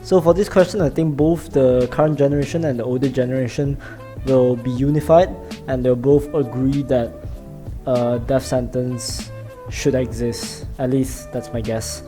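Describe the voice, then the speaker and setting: A young man hosting a vlog, talking casually in an animated, rambling way and often repeating words. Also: medium pitch, normal speed, faint music behind. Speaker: vlog host. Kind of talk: casual explanatory vlog talk.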